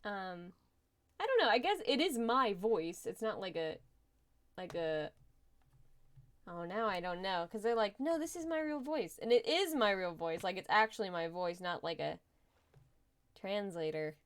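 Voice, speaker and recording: Young adult woman streamer, smooth resonant voice, chatty and giggly while she plays. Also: on the low side, expressive, unhurried, pauses often. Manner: chatty, laughs often, thinks aloud while playing. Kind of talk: casual live gaming stream chat.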